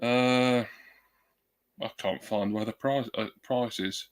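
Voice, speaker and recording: Sitting at his computer at home, a livestreamer chats casually while testing a new desktop USB microphone. His mid-range voice stays steady and slow as he rambles, pokes fun at himself, and fills gaps with many ums.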